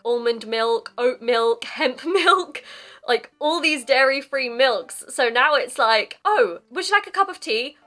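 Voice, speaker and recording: A woman's voice: mid-range voice, sharp tone. A young woman from the UK, chatting casually to camera as a vlogger and acting out little quoted questions.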